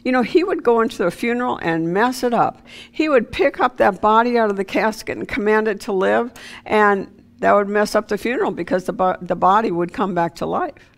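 A woman delivering an informal sermon in a loose, conversational way. She trips over her words, circles back and fills pauses with "um" and "uh" as she goes. Her voice sits at a middle pitch. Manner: conversational, with many fillers and restarts. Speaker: preacher.

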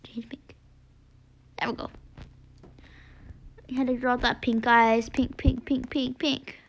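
A woman giving chatty gameplay commentary, excitable, gasping often and dropping into whispered asides. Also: fairly high pitch, slow, dull audio. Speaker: gaming video creator.

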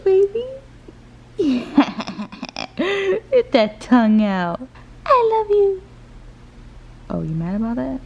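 A young woman, a new mother, cooing in drawn-out sing-song baby talk. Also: sits high, warm tone, lo-fi sound.

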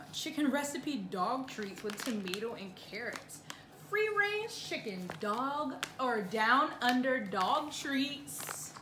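A woman gushes to her dog in slow, sing-song baby talk that swoops high and low. Her voice sits a little high. The sound is roomy and echoey, with steady noise behind it. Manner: cooing baby talk to a dog, often laughing. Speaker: vlogger. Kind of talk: casual vlog talking to a pet.

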